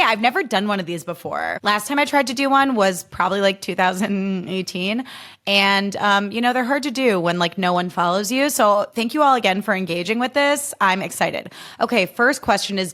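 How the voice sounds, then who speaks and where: A woman's voice: mid-range voice, fairly bright tone. Woman, mid-thirties, from Illinois, solo podcast host, chatty and emphatic, heavy on fillers and profanity. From Illinois, USA. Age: 30s. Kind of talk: casual solo podcast chat.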